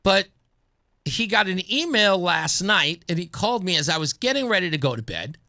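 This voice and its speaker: A man hosts a radio talk show in a bright, forward voice. His pitch rises and falls a lot as he chats casually and acts out stories. He talks into a studio microphone. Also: normal speed. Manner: animated storyteller, acts out a phone call in a low mumbling voice.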